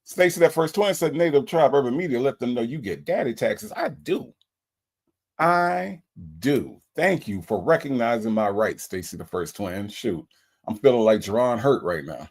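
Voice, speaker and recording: A man's voice: medium pitch, lively intonation, normal speed, a little mellow. A man hosting a casual livestream, reading out viewer comments and greeting each one in a playful way. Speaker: livestream host.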